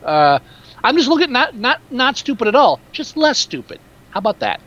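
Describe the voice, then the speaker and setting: High-voiced sarcastic man. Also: very animated, normal speed, a bit bright, dull audio. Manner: blunt, sarcastic, profane. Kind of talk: casual film review chat.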